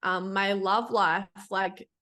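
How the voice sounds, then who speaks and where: A woman's voice: mid-range voice, flat delivery, takes it slowly, sharp tone. Blunt, swearing woman fitness coach. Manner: candid, blunt, swears freely, filler-heavy. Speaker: online fitness coach, guest. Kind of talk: casual interview chat.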